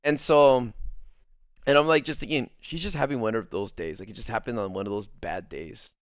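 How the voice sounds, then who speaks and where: Young man rambling through a story, crisp dry voice. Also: mid-range voice, normal speed, no echo. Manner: rambling, full of "like", swears freely; laughs and gets loud at funny parts. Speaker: streamer telling a story. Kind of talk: casual storytelling over gameplay.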